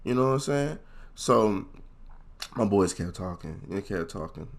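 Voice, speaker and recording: Young dude doing a storytime, cussing a lot, super animated, goes way high when he quotes ppl. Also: unhurried. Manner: slangy, profane. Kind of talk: casual comedic storytime.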